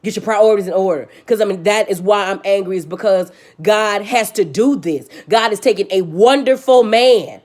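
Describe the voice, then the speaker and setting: At a normal speed with few pauses, a woman vlogger rants passionately and swears a lot. She's preachy, restating her points emphatically, and she moves back and forth between loud bursts and low, subdued moments.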